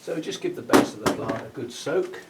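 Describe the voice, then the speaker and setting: A man's voice: medium pitch, expressive, moderate pace, vocal fry, recorded from a distance. A man hosting his own channel, talking casually through a hands-on job, musing aloud and chuckling at himself as he goes. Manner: chatty, muses aloud while working, chuckles at himself. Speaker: orchid grower and channel host. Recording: faint background noise, speaking away from the mic.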